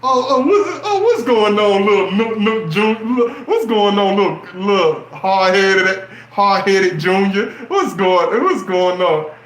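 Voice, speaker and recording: A man's voice: sits high, expressive, a little slow, hardly any pauses, a bit bright, roomy sound. A man mimicking a fake-sweet boyfriend who coos over a child in a syrupy way.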